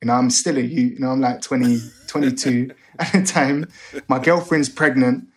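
A man's voice: mid-range voice, moderate pace. Young man telling stories. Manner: animated, acts out other voices in his stories. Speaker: guest, music A&R manager. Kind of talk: casual storytelling interview.

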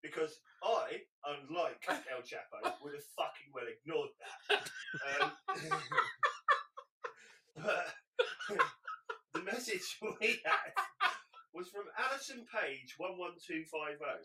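A man's voice: on the high side, big pitch swings, takes it slowly, pauses often. A British man co-hosting a podcast, telling a story and acting out the quoted lines. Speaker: podcast co-host. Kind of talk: casual storytelling banter. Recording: echoey, distant mic with faint hiss.

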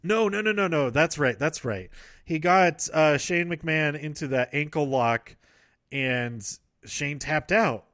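A man's voice: fairly high pitch, takes it slowly, fairly bright tone, no room sound, clean studio sound. A man casually recapping wrestling events, rambling, correcting himself and laughing often.

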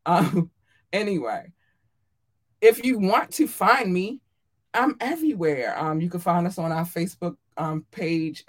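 A podcast host in casual solo chat, effusive and affectionate toward listeners, talking with frequent ums and little laughs. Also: mid-range voice. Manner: effusive and affectionate, calls listeners darlings and babies.

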